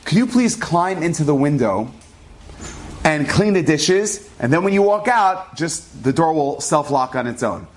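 A kindly old rabbi speaks calmly and patiently, firm in what he asks, in a storyteller's own voice. His tone is steady and insistent. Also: a little high, measured pace.

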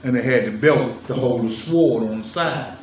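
With a mid-range, somewhat dark voice at a moderate pace, a man vlogs about religion, addressing viewers directly in an emphatic, teasing monologue full of laughter. A distant mic makes it sound roomy, with faint ambience and a bit of hiss or hum.

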